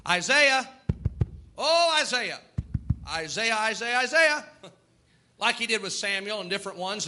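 A man's voice: very high-pitched, pushed and bright. A middle-aged man, preaching a sermon in an emphatic, rising and falling cadence.

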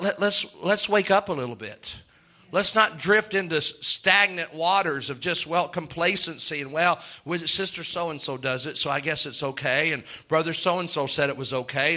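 Give me a man preaching a sermon in a slow, rhythmic litany, with a ringing bright voice. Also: a little high. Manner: rhythmic litany, drawn-out declarations with chuckles.

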